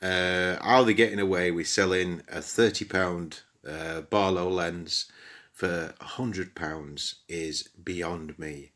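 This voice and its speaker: A man's voice: low voice, a bit bright. A British man giving a casual, chatty product review with exasperated asides to his viewers. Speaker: astronomy gear reviewer. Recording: echoey room.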